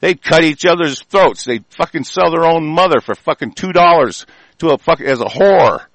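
A man from the United States delivering an angry, profane political rant, swinging from loud outbursts to low muttering. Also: no room sound, rough recording.

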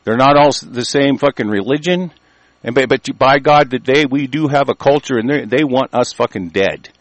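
An older American man giving a profane, angry monologue, reading news aloud and commenting, swinging from low mutters to shouting. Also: moderate pace, no echo, poor audio. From United States.

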